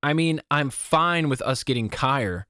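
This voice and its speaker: A man's voice: medium pitch, expressive, unhurried, bright, forceful tone, no room sound, clean studio sound, voice pushed up. A man voicing a snooty, sullen teenage girl with a snippy manner in an audiobook. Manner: snippy, full of attitude. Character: snooty teen girl, sullen, sharp-tongued.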